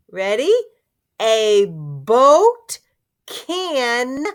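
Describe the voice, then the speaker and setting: A woman teaching a phonics lesson to young children, sounding out words slowly and encouraging them. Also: medium pitch, lively intonation.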